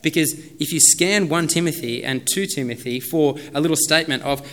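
A man's voice: on the high side, fairly quick, hardly any pauses, a bit bright. A man in his thirties preaching a sermon as a pastor, in a casual, conversational way with many fillers.

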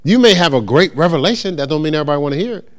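A middle-aged man teaching a church congregation in a relaxed, conversational way, acting out the voices of churchgoers and checking in with his listeners. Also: a little high, racing. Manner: animated, acts out voices of churchgoers and callers; conversational with frequent check-ins. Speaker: pastor teaching. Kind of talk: informal church teaching talk.

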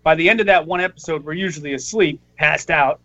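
High-pitched, self-deprecating man. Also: quick pace, pushed and bright, highs cut off. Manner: self-deprecating, easily confused. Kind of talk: casual chat.

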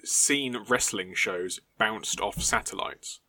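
Bright-toned man, rambling. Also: fairly low pitch, slow pace, dry recording. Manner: rambling, hesitant, many fillers. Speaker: podcast co-host. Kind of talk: casual chat.

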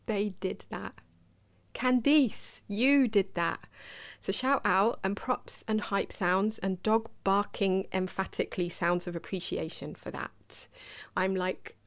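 A woman's voice: medium pitch, slow. A woman hosting a solo podcast, talking in a chatty, digressive way and asking the listener questions. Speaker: podcast host. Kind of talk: reflective solo podcast talk.

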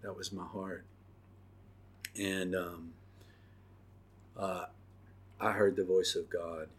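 A middle-aged man hosting a podcast and telling his personal testimony, earnest and halting, with many pauses and fillers. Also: low-pitched, level tone, slight background noise. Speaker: podcast host.

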